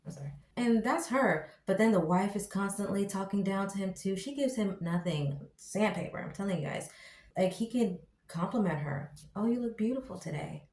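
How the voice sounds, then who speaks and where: A woman rants about a TV show in loose, slangy, exasperated commentary. Her voice sits at an ordinary pitch for a woman. The sound carries a noticeable room echo. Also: moderate pace. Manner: exasperated, slangy, animated ranting. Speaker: show reviewer. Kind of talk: casual opinion commentary. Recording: echoey room.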